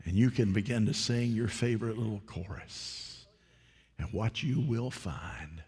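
A male preacher delivering a sermon, swinging from hushed whispers to loud, rising exclamations. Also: lowish voice, a little slow, husky, in a large hall.

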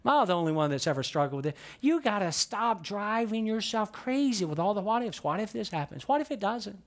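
A man's voice: sing-song, a little fast. A middle-aged man preaching a sermon in church as pastor, emphatic and building in intensity, asking the congregation questions and calling for their responses. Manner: emphatic, rising in pitch and volume as he preaches. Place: church sanctuary.

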